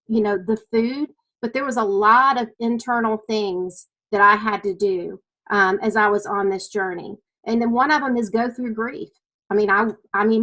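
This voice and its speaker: Her fairly high voice is bright and forceful, captured on a low-quality recording. She's a middle-aged woman from the American South with a Southern accent, a weight-loss client giving heartfelt, emotional testimony about her journey.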